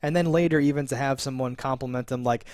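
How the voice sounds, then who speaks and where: A man co-hosting a casual TV episode review, talking in a rambling, animated way with lots of fillers, restarts and laughs. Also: medium pitch, fast talker, smooth, no echo, studio quality. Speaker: podcast co-host reviewing a TV episode.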